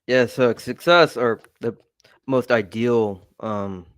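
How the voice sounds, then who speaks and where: A man answers slowly and easily on a live football stream. His voice is recorded dry and close. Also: medium pitch, fairly bright tone, dry recording.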